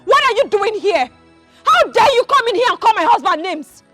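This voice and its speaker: A fiery, indignant wife. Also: female voice, very high-pitched, lively intonation, moderate pace, a bit bright, soft background music. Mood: furious. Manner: indignant, scolding, repeats accusations. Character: proud, fiery young wife fiercely loyal to husband. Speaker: wife defending her husband. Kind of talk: film drama acting.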